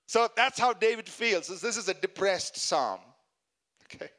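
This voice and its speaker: A man's voice: sits high, moderate pace, fairly bright tone. A man preaching a sermon as pastor, earnest and emphatic, repeating key phrases and chuckling at his own jokes.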